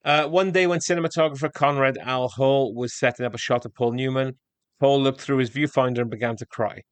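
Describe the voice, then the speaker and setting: A man co-hosting a podcast, reading out film trivia in a steady, matter-of-fact way. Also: mid-range voice, fairly quick, smooth, no room sound. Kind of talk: casual chat with read-out facts.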